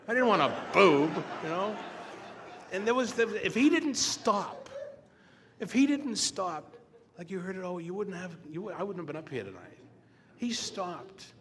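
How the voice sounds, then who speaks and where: An older man with a somewhat high voice gives a personal recovery testimony, stumbling over restarts and cracking jokes as he goes. His voice rings out in a long-echoing hall over faint room noise. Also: lively intonation, fairly bright tone. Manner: halting, joking storyteller. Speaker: speaker at a recovery meeting.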